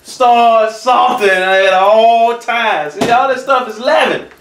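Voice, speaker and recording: A man, a church elder, teaching a Bible lesson in a lively, conversational preaching manner. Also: extremely high pitch, slow pace, slight background noise. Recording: roomy echo, from far off the mic.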